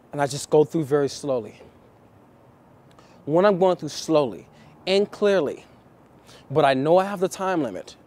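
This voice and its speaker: A man coaching viewers on dating in a vlog, talking deliberately and repeating key phrases for emphasis. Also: on the high side, darkish tone.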